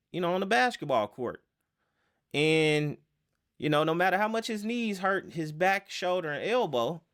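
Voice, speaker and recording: A man giving a casual self-help lesson, rambling with fillers and rhetorical questions. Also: on the high side.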